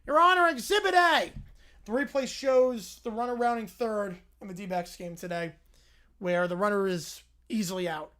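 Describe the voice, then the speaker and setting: A woman's voice: mid-range voice, normal speed, fairly bright tone, close to an everyday voice. A woman voicing a pompous male cartoon lawyer, grandstanding in court.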